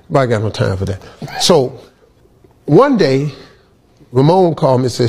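A comedian telling a comic story in a lively voice, breaking into loud bursts and laughing at his own punchlines. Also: mid-range voice, moderate pace, pauses often, slightly rough.

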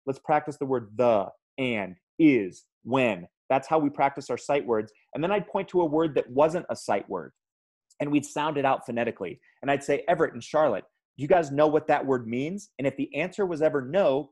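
A man speaking to teachers in a training talk, an emphatic and energetic storyteller who calls his audience "guys". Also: medium pitch. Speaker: education speaker.

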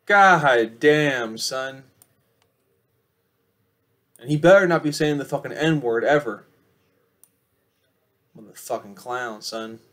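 A young man rambling casually to camera in a profane vlog, swinging between loud outbursts and low mumbles. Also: measured pace, pauses often. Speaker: vlogger.

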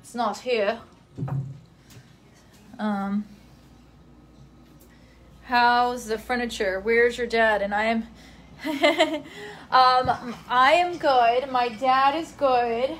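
A woman's voice: on the high side, very slow, pauses often, a bit bright, a little hiss or hum. A young woman in casual, rambling live-stream chat from her family home at night, reading out viewer comments. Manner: rambling, chatty, scattered.

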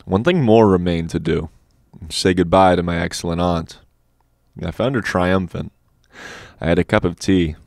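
Deep, measured male audiobook narrator with a wry touch; dry close-mic sound. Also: a little mellow, dry recording. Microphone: dynamic studio mic.

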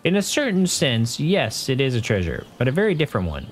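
A man's voice: medium pitch, wildly swooping pitch, brisk, a little hiss or hum, pitched above the performer's own voice. Man doing a proud quest-giver from a fantasy game, lofty declaiming reading, plain male voice. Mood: grand. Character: bold male knight-challenger villager.

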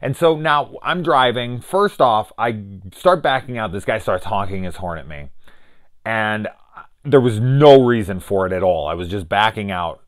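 A man's voice: fairly low pitch, lively intonation, normal speed. A middle-aged man reviewing films in a rambling, profane, sarcastic way. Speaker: film reviewer. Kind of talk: casual film review rant.

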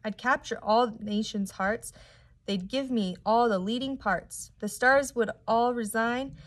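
A woman's voice: a little high, a little slow, close to an everyday voice. Storybook villain: vain, spiteful aunt, bragging in rhyme, read aloud by a woman. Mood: boastful. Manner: boastful, sing-song rhyming.

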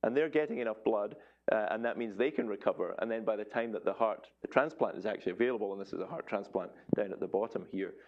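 A man's voice: fairly low pitch, quick pace, dull audio. A man who is a cardiologist giving a public science lecture to a live audience, in a conversational and joking way, quizzing the listeners. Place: event hall, before a live audience.

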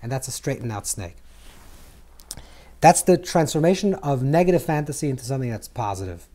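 A man teaching a Kabbalah lesson to a live group, animated, repeating words as he searches for phrasing and acting out scripture dialogue. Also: a little fast. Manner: acts out scripture dialogue with swings in pitch and volume.

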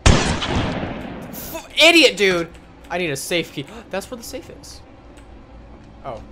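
Jokey man yelling at a horror game. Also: high voice, very animated, slow pace, heavy background noise. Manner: jokey, talks to the game, bursts into loud yells. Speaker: gaming channel host. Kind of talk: let's play commentary. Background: game music.

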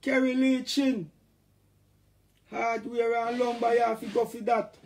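Jamaican guy rambling on a live stream, kinda high voice, shouts little catchphrases. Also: little pitch movement, measured pace. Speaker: dancehall artist talking to fans. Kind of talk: casual live-stream chat.

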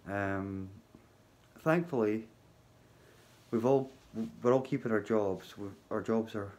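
Low, slow-talking man vlogging. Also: a little mellow. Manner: halting, many ums, wry humour. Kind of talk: casual spoken vlog. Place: hotel workplace at night.

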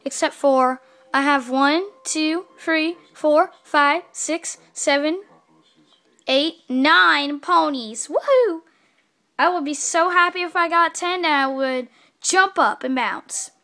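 A woman chatting to camera as host of her own vlog. Her voice sits very high and she speaks at an unhurried pace. She is playful and excitable, breaking into bursts of cheering. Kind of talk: casual chat to camera.

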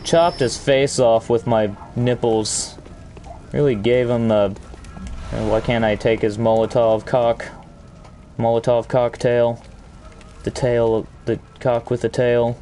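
A man's voice: mid-range voice, level tone, slow, dark tone, faint music behind. Crude joking man playing a game. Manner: crude joking, mock-outraged rants. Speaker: gaming channel host. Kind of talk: gameplay commentary.

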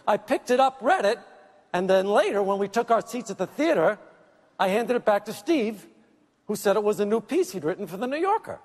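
A man's voice: sits high, big pitch swings, a little fast. A man giving a comic roast speech at an awards tribute, whiny and mock-apologetic, kvetching on stage. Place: large theater at an awards event. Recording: reverberant theater hall with audience. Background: audience laughter.

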